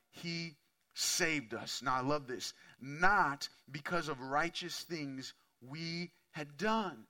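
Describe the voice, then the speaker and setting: A man in his thirties, a pastor giving a candid, conversational sermon full of asides, swinging from quiet to loud and intense. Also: fairly high pitch.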